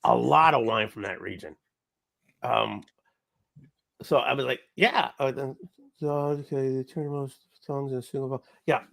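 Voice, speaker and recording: A man's voice: mid-range voice, measured pace, creaky, pauses often, a bit bright. A man in casual chat, emphatic and insistent when arguing a point.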